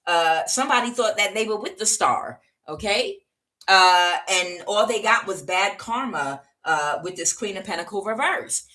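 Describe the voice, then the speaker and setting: A woman's voice: medium pitch, animated, moderate pace, sharp tone. A woman giving a casual tarot reading, talking bluntly with many fillers and frequent "okay?" check-ins. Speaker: tarot reader.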